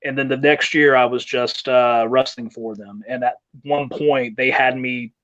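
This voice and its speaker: A man's voice: medium pitch, steady tone, measured pace, fairly bright tone, muffled recording. A man, a wrestler and guest, telling long rambling stories from his career with fillers and laughs. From South Carolina, US. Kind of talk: interview storytelling.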